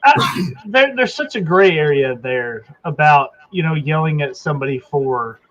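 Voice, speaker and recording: A man telling a story in casual chat on a video call, animated and laughing often. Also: a little high, a little slow. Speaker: podcast co-host. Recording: dull lo-fi call audio.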